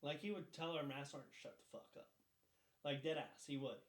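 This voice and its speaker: A young man telling crude stories on a casual podcast, laughing often and loudly acting out the people in them. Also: on the high side, steady tone, brisk, reverberant. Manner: crude, laughing storyteller who acts out others loudly. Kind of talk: casual chat, storytelling.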